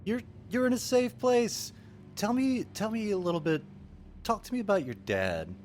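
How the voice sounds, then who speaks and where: Give me a man with an animated, rather high voice calmly questioning someone in character. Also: normal speed, slight background noise. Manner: soothing, gently questioning. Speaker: player. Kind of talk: in-character tabletop role-play.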